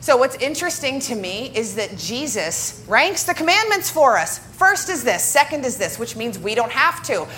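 A woman worship director giving a lively church teaching talk to a congregation, joking with them as she goes. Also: a little high, normal speed, few pauses, faint music behind. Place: church sanctuary before a congregation.

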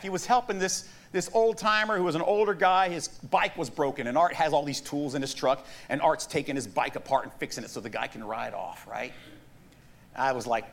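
A middle-aged man pastor preaching a sermon, telling stories with animated asides and laughs. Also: medium pitch, a little fast.

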